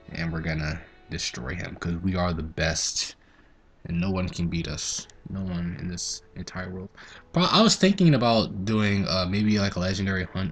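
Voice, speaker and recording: A teenage boy talks over his gameplay in a loose, rambling way, and his fairly low voice jumps up when a story gets going. Soft game music plays behind him. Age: teens. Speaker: gaming channel host. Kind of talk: casual gameplay commentary.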